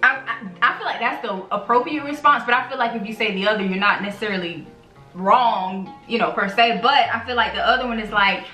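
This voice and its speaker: A chatty woman with a bright, fairly high voice talks casually as a channel host, often restarting her sentences. Her voice rings in an echoey room, and the mic sits some way off. Faint music plays underneath. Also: brisk, recorded from a distance. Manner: chatty, rambling with many restarts. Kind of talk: casual couple chat.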